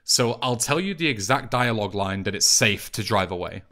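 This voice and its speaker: A young man with an English accent, talking through a speedrun tutorial voice-over in a relaxed, chatty way, with plenty of fillers and restarts. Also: lowish voice, moderate pace. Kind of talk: casual game tutorial voice-over.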